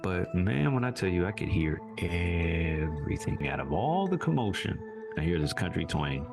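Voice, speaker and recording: Low, raspy male storyteller, animated, music bed. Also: moderate pace. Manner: animated, voice jumps high when reliving anger. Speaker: guest survivor telling his story. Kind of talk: casual storytelling.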